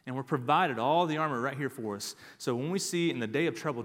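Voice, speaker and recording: A man's voice: mid-range voice, fast talker, a bit bright. Emphatic preaching man in echoing hall. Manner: emphatic, repeats key phrases, frequent "all right". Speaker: pastor. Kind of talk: sermon.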